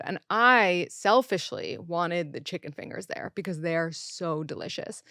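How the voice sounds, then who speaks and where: A woman in her thirties, a podcast host, casually telling a story in an animated way and acting out the people she quotes. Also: fairly low pitch, clear, resonant tone, no echo, clean studio sound. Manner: animated, quotes people in raised voices, swears.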